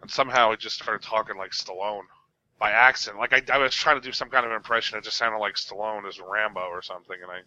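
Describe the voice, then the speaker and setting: A nasal man talking quickly with a sharp, bright edge. He rambles self-consciously as a podcast guest, and the sound comes through a dull, lo-fi line. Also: fairly low pitch, fairly even intonation. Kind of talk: casual chat.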